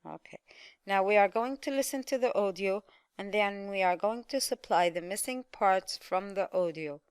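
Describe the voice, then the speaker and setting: Woman teaching pronunciation, dry close sound, crisp voice, says each word twice or three times. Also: medium pitch, no echo. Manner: slow, carefully stressed words, often repeats. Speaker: English teacher. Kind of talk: pronunciation lesson.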